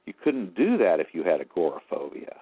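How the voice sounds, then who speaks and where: A man's voice: low voice, sing-song, brisk, breathy edge, no room sound. A man as an interview guest, telling his story in a rambling, aggrieved way. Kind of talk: phone-in interview. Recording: tinny phone line.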